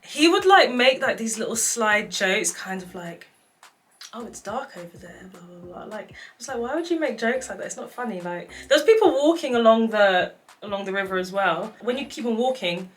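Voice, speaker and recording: A woman's voice: a little high, brisk. A young woman in her twenties casually telling dating stories, acting out what people said and laughing often. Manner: animated, acts out quotes, laughs often. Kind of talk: casual storytelling chat.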